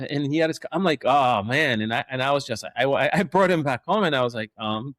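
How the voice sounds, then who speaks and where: A man, a dog trainer, telling stories in a rambling, animated way with many restarts and acted-out quotes. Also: mid-range voice, a little fast, hardly any pauses, no echo, clean studio sound. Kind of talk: casual storytelling.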